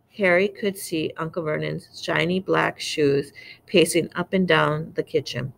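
A woman's voice: sits low, fairly even intonation, measured pace, vocal fry. A woman reading a novel aloud, unpolished and stumbling now and then over words. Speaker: reader.

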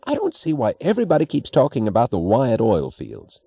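A man's voice: huge pitch swings, fairly quick, vocal fry, slightly rough, no echo, highs cut off, exaggerated voice. A man reading an audiobook voices a petulant, resentful middle-aged railroad executive with a whiny, defensive tone. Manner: whiny, defensive, raised pitch.

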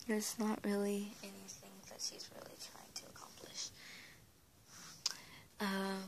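A woman's voice: medium pitch, gravelly, a little hiss or hum, low-quality recording. A young woman giving casual, rambling advice on creating characters, full of restarts and fillers, recorded on a camera mic at home. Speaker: art vlogger. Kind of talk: casual talking-head advice.

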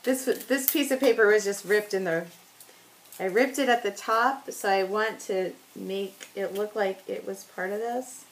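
Chatty, self-deprecating woman narrating her crafting, medium pitch, faint background noise. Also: unhurried, low-quality recording. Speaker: scrapbooking vlogger. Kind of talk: casual talk while crafting.

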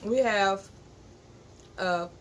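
Co-host: easygoing woman of mid pitch, greeting viewers, faint hiss underneath. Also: extremely slow. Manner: warm greetings, reads names aloud, easygoing. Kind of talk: casual live-stream chat, reading viewer comments. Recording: faint background noise.

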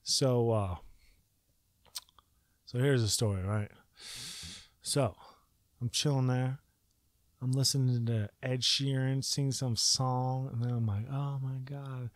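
A man's voice: medium pitch, slow, pauses often, dry recording. A man vlogging a wild personal story to camera, swearing freely and acting out his own reactions. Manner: profane, excitable, acts out his own reactions.

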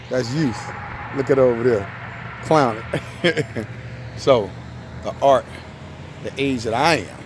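A man speaks in a casual motivational vlog, his voice sitting in an ordinary middle pitch. He is upbeat and a little preachy, and he repeats his key lines for emphasis. Car traffic is clearly heard behind him outdoors. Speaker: vlogger.

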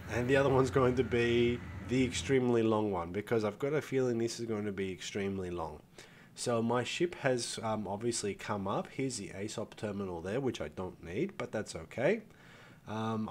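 A man's voice: lowish voice, slight background noise. An older man hosting a gaming video, chatting casually and thinking aloud as he plays, swearing freely and calling his viewers folks. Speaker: gaming channel host. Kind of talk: casual gameplay commentary.

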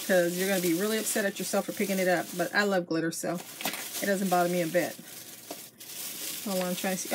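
Middle-aged woman, chatty haul vlogger gushing to viewers, home camera mic, faint hiss behind. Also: mid-range voice. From Texas. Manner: chatty, gushing, addresses viewers as you guys. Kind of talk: casual show-and-tell chat.

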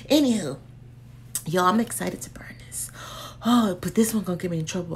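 Lively woman reviewer who drifts into whispers. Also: medium pitch, brisk, slight background noise. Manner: chatty and playful, often dropping to a whisper. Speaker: candle reviewer vlogger. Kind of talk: casual chat.

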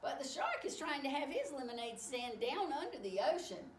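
Animated woman reading a picture book aloud. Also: high voice, a little hiss or hum. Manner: animated, exclaiming, slow and warm-paced. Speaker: storyteller. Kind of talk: children's read-aloud. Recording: echoey room, far from mic.

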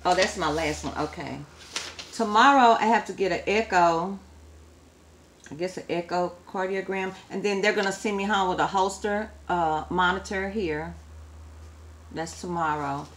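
A woman chatting casually to camera as a vlogger, calling her viewers y'all and swinging from quiet, low talk to loud, animated outbursts. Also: a little slow, slight background noise. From Texas.

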